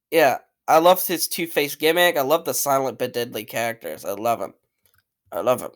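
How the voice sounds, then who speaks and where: Ranking cartoon characters for his channel, this man speaks in a mid-range voice with big pitch swings at a moderate pace. He's blunt, opinionated, and rambling, cursing freely and repeating himself.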